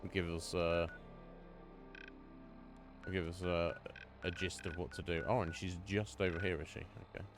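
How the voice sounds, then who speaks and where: A man's voice: deep voice, little pitch movement, moderate pace, long pauses, over music. Chatty man streaming a game. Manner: chatty, swears, laughs at the game. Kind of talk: live gaming commentary.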